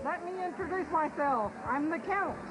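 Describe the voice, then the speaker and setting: A woman playing a vampire count in a slow, halting amateur audition reading. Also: very high-pitched, lively intonation, loud music behind the voice, rough recording. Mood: hammy. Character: swooning vampire count, played for laughs.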